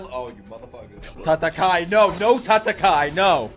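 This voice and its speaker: A young man reacting to an anime episode, excitable and profane, yelling at the characters on screen. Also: high-pitched, fairly quick. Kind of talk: live anime reaction commentary. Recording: music from the show playing behind.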